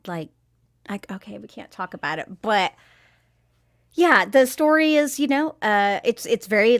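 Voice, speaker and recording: A woman speaks casually as a podcast panelist reviewing a film. Her voice sits in a middle range, and her chatty delivery keeps drifting into asides and quick laughs. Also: mid-range voice, a bit bright.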